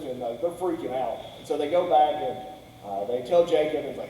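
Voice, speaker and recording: A man's voice: a little high, brisk, dark tone, a little hiss or hum. A man preaching a casual sermon, retelling a story conversationally and acting out the characters' lines. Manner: conversational, acts out characters' quotes with "he's like". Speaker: pastor. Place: church sanctuary. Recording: echoey church hall, distant mic.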